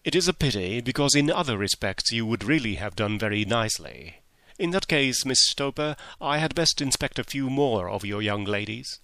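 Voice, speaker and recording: A man playing a coaxing, fussy gentleman. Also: medium pitch, lively intonation, normal speed, no room sound. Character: fussy, wheedling middle-aged gentleman employer. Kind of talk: audiobook character reading.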